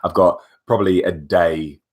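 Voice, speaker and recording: A young man with a deep, low-set voice vlogs straight to camera. He retells his day in a chatty, animated way, with plenty of asides along the way. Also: moderate pace. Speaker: vlogger. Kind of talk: casual storytelling to camera.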